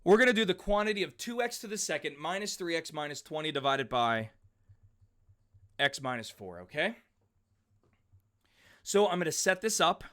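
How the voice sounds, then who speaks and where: A man in his forties teaching a math class, chatty and animated, telling side stories and calling on students by name. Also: a little high, moderate pace, pauses often. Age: 40s.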